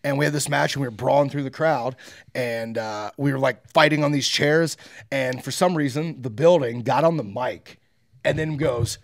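A man's voice: mid-range voice, normal speed. A man in his thirties, a pro wrestler, telling stories in a casual interview, acting out quotes and swearing freely. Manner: animated storyteller, acts out quotes, swears freely.

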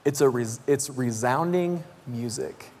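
A man in his thirties preaching in a church, telling a story with deep emotion and shouting out his kids' voices. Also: measured pace. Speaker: pastor. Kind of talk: sermon. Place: church sanctuary. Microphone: handheld mic. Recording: long hall reverb in a church.

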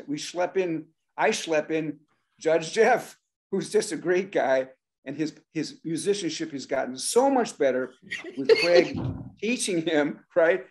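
An older man, a drummer, telling an animated story on a talk show and acting out the voices of the people in it. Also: a little high. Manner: animated, acts out voices and shouts in his stories. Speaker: guest drummer.

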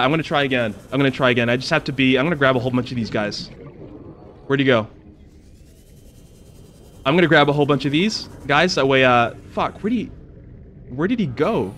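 A man's voice: mid-range voice, slight background noise. Casual gamer guy narrating his play. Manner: excitable, swears and yells when scared. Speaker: gaming channel host. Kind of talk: casual let's-play commentary.

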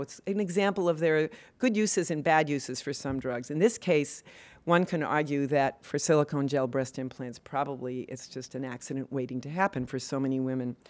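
An older woman speaking earnestly and with passion at an award event, with frequent fillers and restarts. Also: sits low. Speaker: award speaker, women's health advocate.

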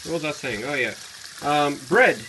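A man's voice: a little high, lively intonation, normal speed, pushed and bright, a little hiss or hum. A young Australian man chatting casually as he cooks in a small kitchen, rambling with lots of fillers and slang. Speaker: vlogger. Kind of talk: casual cooking vlog.

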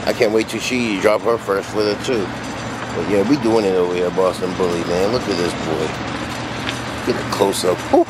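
Deep-voiced man, excited casual vlogger, phone recording outside with heavy street noise. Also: normal speed. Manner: hyped, slangy, talks straight to viewers. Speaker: dog breeder and kennel owner. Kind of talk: casual vlog walkthrough. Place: outdoors at a kennel yard. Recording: loud outdoor noise with traffic.

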